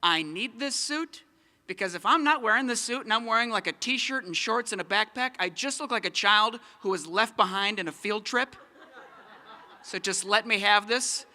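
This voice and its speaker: A young man performing a stand-up comedy set, animated and self-mocking. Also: high-pitched, moderate pace. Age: young adult.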